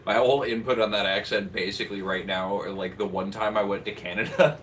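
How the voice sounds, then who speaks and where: A man's voice: on the low side, fairly even intonation, a little fast, a bit bright. A young man co-hosting a live stream, chatting casually and jokingly, reading chat, with rambling restarts. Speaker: streamer co-host. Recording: slightly distant mic with faint noise.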